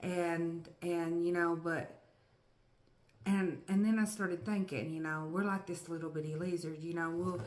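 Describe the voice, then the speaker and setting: A woman's voice: on the low side, little pitch movement, unhurried. A middle-aged woman, telling a story to her family in a chatty, rambling way with lots of fillers. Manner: chatty, filler-heavy, cheering bursts. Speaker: storyteller mom. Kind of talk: casual spoken storytelling. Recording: echoey room.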